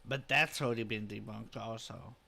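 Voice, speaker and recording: A man's voice: fairly low pitch, fairly even intonation, normal speed, gravelly, sharp tone. A man co-hosting, reacting to a clip in casual chat, amused.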